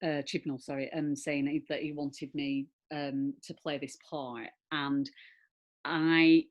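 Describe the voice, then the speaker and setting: A middle-aged actress in a conversational interview, telling animated anecdotes with frequent laughter. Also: female voice, deep voice, takes it slowly.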